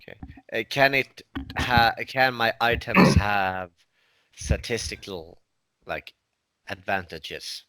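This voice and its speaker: Man, player, joking and casual, bright forceful voice, low-pitched, dry. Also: smooth, dry recording. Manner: joking, asks rapid rule questions. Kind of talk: casual tabletop game chat.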